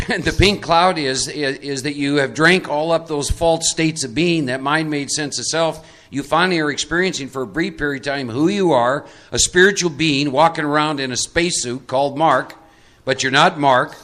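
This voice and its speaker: A man with a slightly high, fairly bright voice talks at a moderate pace before an audience in a meeting room. During his live recovery workshop he stays conversational and coaxing, pulling volunteers up for a role-play.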